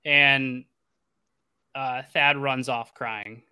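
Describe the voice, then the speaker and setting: A man's voice: medium pitch, fairly even intonation, drawn-out words, pushed and bright, clear, resonant tone. A young man narrating as game master, talking loosely with lots of fillers and laughing easily.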